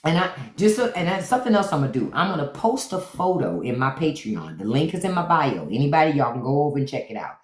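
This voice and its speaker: A woman's voice: deep voice, very animated, fast talker, few pauses. Sassy woman streaming live in an echoey room. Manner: sassy, mocking, talks straight to her viewers. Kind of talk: casual live-stream commentary.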